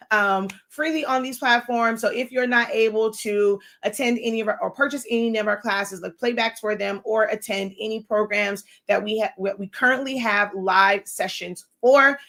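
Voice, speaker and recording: A middle-aged woman hosting a casual livestream, fast-talking and long-winded, working to slow herself down. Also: on the high side, creaky, fairly bright tone. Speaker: livestream host and creative instructor. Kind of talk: casual live-stream talk.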